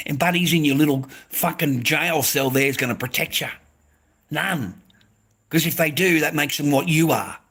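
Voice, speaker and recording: A man with an Australian accent and a voice pitched a little above the usual male range rants straight at the camera. His delivery is heated and confrontational, laced with profanity, and he keeps circling back over the same phrases. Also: pushed and bright. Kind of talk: angry ranting monologue to camera.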